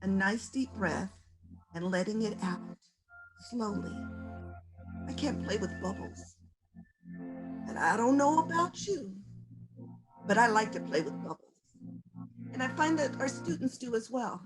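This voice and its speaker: Folksy woman giving a calm wellness talk. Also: a little high, unhurried, pauses often, low-quality recording. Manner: gentle, conversational, folksy, coaching. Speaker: workshop presenter. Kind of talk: relaxed conference talk on stress reduction. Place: virtual conference session. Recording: music playing underneath.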